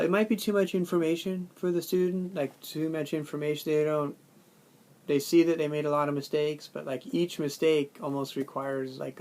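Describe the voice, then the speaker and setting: A man talking through a textbook chapter on classroom feedback, informal and thinking aloud with many fillers and restarts, sometimes acting out student and teacher lines. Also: a little high. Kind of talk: casual lecture recording.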